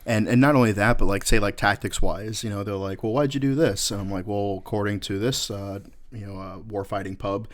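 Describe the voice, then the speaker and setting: Fast-talking, low-voiced young man. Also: flat delivery. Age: young adult. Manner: fast profane anecdotes. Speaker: podcast co-host. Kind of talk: casual chat.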